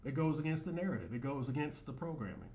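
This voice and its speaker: A man's voice: a little high, lively intonation, fast talker, dark tone. A man hosting his own commentary channel, talking bluntly and repetitively with many restarts and swearing, reacting to clips in an opinionated monologue.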